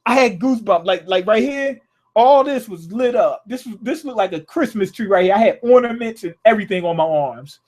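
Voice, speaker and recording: A male anime reviewer with a high voice for a man, talking in a loose, slangy ramble. He often circles back and restarts his thoughts. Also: lively intonation, a little fast. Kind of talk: casual video review.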